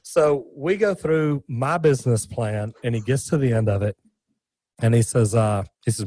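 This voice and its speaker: A man, a guest in a casual interview, telling stories in an animated, folksy way with many restarts. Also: mid-range voice, normal speed, no echo, poor audio. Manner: animated, folksy, repeats words.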